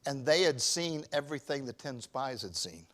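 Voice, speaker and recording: A pastor in his fifties preaching a sermon, swinging from shouted emphasis to quiet, personal confession. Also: medium pitch, very animated, normal speed. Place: church.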